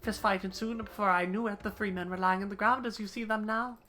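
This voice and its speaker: A woman's voice: mid-range voice, steady tone, fast talker, bright, forceful tone, soft background music, close to an everyday voice. A woman voicing a young woman who poses as a meek, politely pleading milkmaid. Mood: prim. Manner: prim, overly polite pleading.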